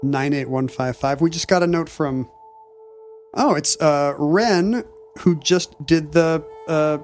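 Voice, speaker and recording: A man's voice: on the high side, slow pace, a little mellow, soft background music. Chatty man reading listener mail. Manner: chatty, reads listener mail with dry asides. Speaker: podcast co-host. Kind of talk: casual chat.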